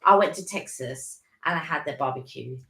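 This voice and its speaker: A woman's voice: low voice, fairly quick, bright, forceful tone. A woman co-hosting a casual live stream, chatting enthusiastically with many restarts. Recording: echoey room.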